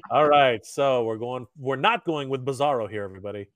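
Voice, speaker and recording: A man's voice: mid-range voice, fairly bright tone, dry recording, clean studio sound. A man co-hosting a casual toy livestream, running giveaway spins, laughing often and swearing casually.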